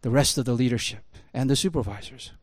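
A man putting on a Japanese accent to voice a polite, apologetic male factory executive who speaks slowly and earnestly. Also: medium pitch, no echo, clean studio sound, voice pushed down, close to an everyday voice. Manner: soft, slow, earnest pleading.

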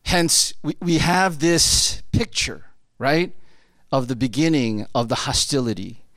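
A man's voice: mid-range voice, measured pace, fairly bright tone, no echo, studio quality. A middle-aged man preaching a sermon in a loose, conversational way, often checking in with "right?". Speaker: pastor.

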